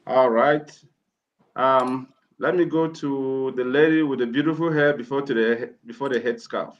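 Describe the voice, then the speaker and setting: A man hosting a live panel discussion, introducing guests in a relaxed, informal way. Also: mid-range voice, normal speed. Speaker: host. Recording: dull lo-fi sound with faint noise.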